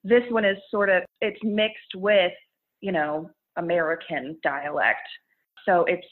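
Young woman guest, lowish voice, chatty and giggly, phone-quality line. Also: fairly even intonation, unhurried. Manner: chatty, laughs often, loose restarts. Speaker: guest, content creator. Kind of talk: casual interview chat. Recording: phone-like narrow sound.

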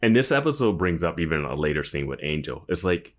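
Deep-voiced laid-back man chatting. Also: very animated, quick pace. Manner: laid-back, drifts into mumbled asides and laughs. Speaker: podcast co-host. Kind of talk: casual chat recapping a TV episode.

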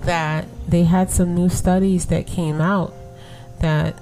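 Low, mellow Brooklyn woman podcaster. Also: flat delivery, takes it slowly, faint music behind. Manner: conversational, laughs often, asks "right?" to listeners. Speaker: podcast host. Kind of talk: casual motivational talk to women listeners.

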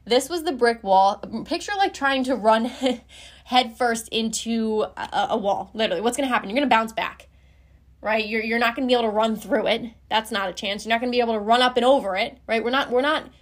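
A woman's voice: on the high side, a little fast. A woman in her twenties frankly telling a personal story as a podcast host, casual and swearing freely.

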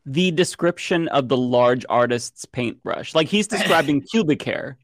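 A man's voice: medium pitch, expressive, a little slow, dry recording, studio quality. A man co-hosting a casual panel chat, joking and laughing with the others. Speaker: podcast co-host.

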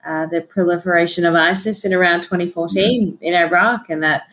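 An Australian woman with a notably low voice tells her story as a podcast guest. She talks in a relaxed, chatty way and laughs easily. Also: a little fast. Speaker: guest journalist. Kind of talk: casual interview chat.

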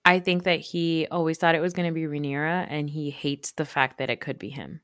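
A man's voice: on the high side, fairly even intonation, brisk, fairly bright tone, clear, resonant tone, dry recording. Gossipy man in a dry recap chat. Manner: rambling, gossipy, full of fillers. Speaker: podcast co-host.

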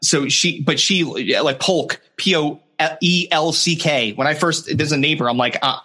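A man hosting a casual chat, animated and profane, acting out what other people said. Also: a little high, unhurried. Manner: animated, swears, acts out others' lines.

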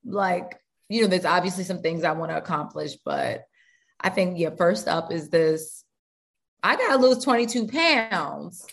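A woman's voice: fairly low pitch, unhurried, creaky. A young woman chatting casually with friends as a podcast co-host, chatty and playful. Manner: chatty, animated, playful asides. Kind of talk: casual chat among friends.

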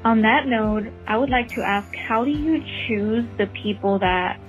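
A woman from Texas calling in to a podcast, speaking gratefully and warmly before asking the host a question. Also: a little high, unhurried, faint music behind. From Texas, USA. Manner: grateful, friendly. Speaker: caller. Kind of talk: call-in message. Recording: tinny phone line.

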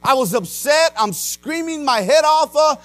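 A man with a high voice preaches a sermon as a pastor, swinging from loud to hushed as he tells his story. He peppers his talk with "uh" and "amen". A faint mains hum sits under the recording. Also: animated, measured pace, dry recording, soft background music. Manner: frequent "uh" and "amen" fillers.

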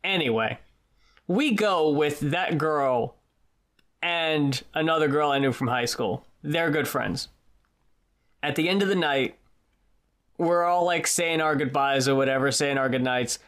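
A podcast co-host with a mid-pitched voice, telling stories in casual chat. The delivery is animated and profane, with quotes acted out along the way. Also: measured pace, long pauses.

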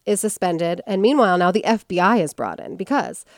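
A woman's voice: on the low side, expressive, a little fast, dry recording, clean studio sound. A woman hosting a podcast, telling a story in casual chat and acting out quotes in character voices.

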